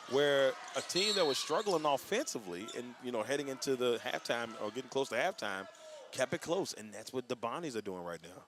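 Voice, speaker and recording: A man's voice: mid-range voice, big pitch swings, fairly quick, a crowd in the background. Man calling a basketball game live. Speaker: play-by-play radio commentator. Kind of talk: live radio basketball commentary.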